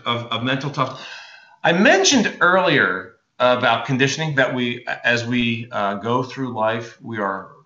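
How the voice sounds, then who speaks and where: A man giving a motivational talk in an energetic, emphatic way, often checking in with "right?" and "okay?". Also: mid-range voice. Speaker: motivational speaker. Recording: roomy, dull lo-fi recording.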